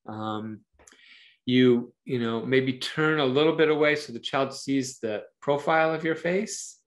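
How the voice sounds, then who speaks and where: Man, psychologist, interview guest, conversational, animated, acts out voices, average pitch. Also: normal speed. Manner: animated, acts out parents' and children's voices in quotes; thoughtful, uses metaphors to explain. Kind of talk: conversational interview, explaining parenting ideas.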